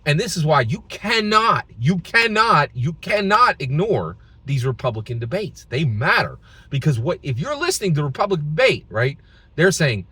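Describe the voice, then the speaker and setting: A man's voice: fairly high pitch, very animated, normal speed, bright, forceful tone, slightly rough, no echo. A man from Philadelphia giving casual political opinion commentary, emphatic, restarting phrases and tagging lines with "right?". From Philadelphia, United States.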